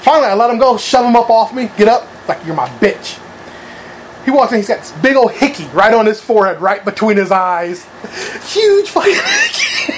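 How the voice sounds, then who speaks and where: A man's voice: high voice, fast talker, hardly any pauses, noisy background. A man telling a crude, rambling anecdote in casual chat, swearing freely and laughing at his own story.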